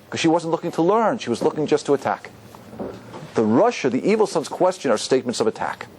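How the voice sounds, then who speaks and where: Animated rabbi teaching a class. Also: male voice, fairly high pitch, fast, slight background noise. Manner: animated, asks the audience questions. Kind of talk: Torah class.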